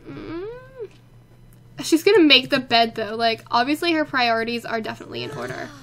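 A young woman hosting a casual let's play, chatty and excitable, talking to the characters on screen. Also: fairly high pitch, moderate pace. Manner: chatty, excitable, talks to her game characters. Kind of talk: casual game commentary.

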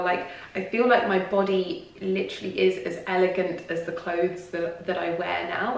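A woman speaks to her viewers in loose, confiding vlog chat that keeps circling back on itself. Her voice sits a little low. It comes from some way off the mic and booms around a very echoey room. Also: creaky, distant mic. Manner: rambling and confiding, lots of "like" and restarts. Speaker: lifestyle vlogger. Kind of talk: casual personal talk to camera.

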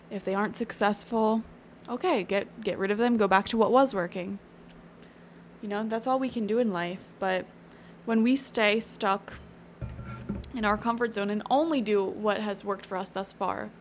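A woman's voice: mid-range voice, slight background noise. A woman giving a casual, encouraging tarot reading, chatty and thinking aloud with fillers. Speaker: tarot reader.

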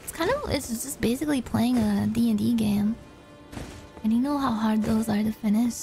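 A woman's voice: fairly high pitch, normal speed, vocal fry, warm tone. A woman streaming a game, chatting casually, joking, swearing and thinking aloud. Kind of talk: casual gaming chat. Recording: game music behind.

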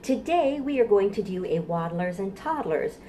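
A woman's voice: mid-range voice, lively intonation, moderate pace, warm tone, a little hiss or hum. A woman children's librarian leading a toddler storytime from her home kitchen, cheerful and sing-song as she talks to small children.

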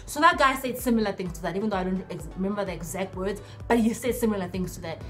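A young woman vlogger telling a story in a lively way, acting out the dialogue in different voices. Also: medium pitch, fast, soft background music. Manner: animated, acts out dialogue in voices. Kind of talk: storytime vlog.

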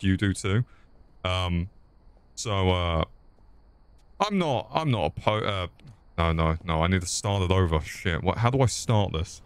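A man's voice: sits low, smooth. A man streaming a game with casual, crude, joking commentary and frequent swearing.

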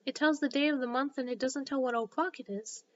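Brief: woman doing a polite storybook girl, a touch higher, bright, lo-fi audio. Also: a little fast, lightly acted. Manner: polite and earnest. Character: polite, curious young girl. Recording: slightly dull lo-fi recording.

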